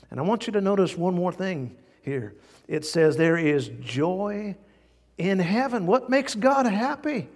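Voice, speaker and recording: A man preaching a sermon in an emphatic style that rises to animated outbursts. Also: high voice, measured pace. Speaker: pastor. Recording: long church hall reverb.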